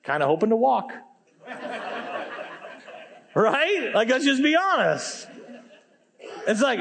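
A man's voice: very high voice, sing-song, slow pace, creaky, long pauses, a bit bright. A man in his forties, a pastor preaching a sermon on stage in a church, reading scripture aloud and adding emphatic, conversational asides. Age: 40s.

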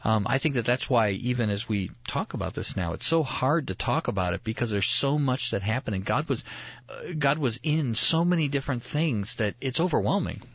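A man's voice: medium pitch, fairly quick, slightly rough, dry recording, lo-fi sound. A man in casual conversation about faith, telling stories in an earnest way, often restarting his sentences. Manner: earnest, animated storytelling with restarts.

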